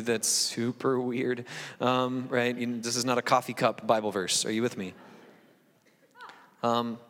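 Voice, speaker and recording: A man's voice: mid-range voice, fairly bright tone. A pastor in his forties reading scripture and preaching a sermon in a conversational, self-deprecating way with frequent asides. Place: church sanctuary. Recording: long reverb of a large hall.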